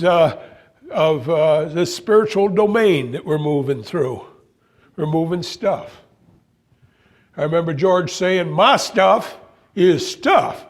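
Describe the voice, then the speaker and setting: Brief: high-pitched man, playful spiritual speaker, anecdotal with halting restarts. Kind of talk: motivational spiritual talk.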